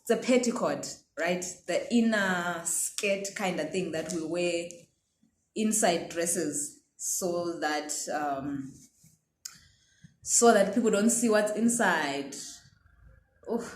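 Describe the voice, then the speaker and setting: A woman's voice: lowish voice, slow, echoey room. A woman teaching pronunciation, patiently checking in with her listeners as she goes. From Zimbabwe. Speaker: language teacher. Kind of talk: pronunciation lesson.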